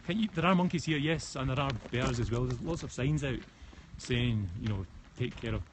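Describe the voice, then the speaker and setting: A man's voice: medium pitch, brisk. Scottish man walking and chatting, west of scotland accent, phone stream with noise behind. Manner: chatty, answers comments, frequent restarts. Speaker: live-stream host. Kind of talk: casual live-stream chat answering comments. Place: mountain forest path outdoors. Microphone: phone held while walking. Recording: outdoor phone stream with clear background noise.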